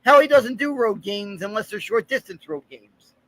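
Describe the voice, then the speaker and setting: A man co-hosting a sports podcast in quick, frustrated casual chatter. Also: high-pitched, lively intonation, fairly bright tone, low-quality recording. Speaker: podcast co-host.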